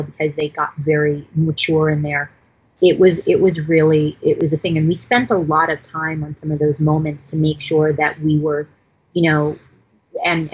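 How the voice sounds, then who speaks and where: A woman's voice: deep voice, a bit bright, slightly rough. A woman voice director chatting as an interview guest, rambling with many restarts as she tells stories. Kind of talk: casual interview chat. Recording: dull lo-fi audio.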